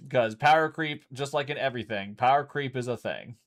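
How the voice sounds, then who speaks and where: A man's voice: mid-range voice, a little fast. A man casually chatting and explaining a card game as he streams from home, loose and chatty, swearing freely. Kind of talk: casual chat while playing.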